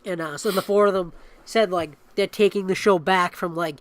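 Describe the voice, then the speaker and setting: A man's voice: high voice, steady tone, moderate pace, no room sound. A man in his thirties co-hosting a podcast in casual chat, acting out quotes in raised voices. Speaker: podcast co-host.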